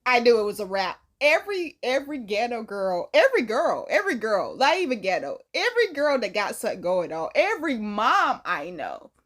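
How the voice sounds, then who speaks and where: High, lively woman reaction host. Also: brisk, hardly any pauses. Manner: loud, laughing, slangy and emphatic. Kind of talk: casual reaction chat.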